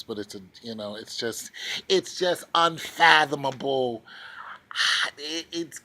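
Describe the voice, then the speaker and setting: A man's voice: medium pitch, sharp tone. A man giving ranting commentary as a vlogger, sarcastic and indignant, repeating his points for emphasis.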